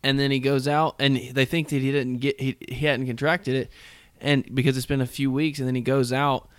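A man's voice: medium pitch, flat delivery, fairly quick, smooth, no echo. A young man talks in a casual chat. He tells a long story and keeps restarting his sentences. The recording is close and dry. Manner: rambling storyteller with many restarts. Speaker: podcast co-host.

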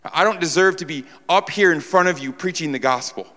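A man's voice: a little high, fairly quick, sharp tone. A man from New York preaching a sermon to a congregation, emphatic, repeating his phrases and asking rhetorical questions. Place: church sanctuary before a congregation. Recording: long reverb of a large hall.

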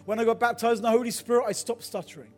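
A man's voice: extremely high pitch, steady tone, racing, darkish tone. A middle-aged male pastor preaching a sermon, telling personal stories and building to fervent calls to repent. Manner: storytelling, then builds to fervent exhortation.

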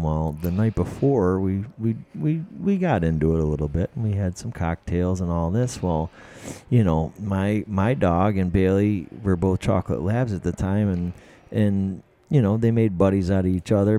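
A man's voice: low-pitched, warm tone. A man casually telling a rambling, profane story among friends on a talk show.

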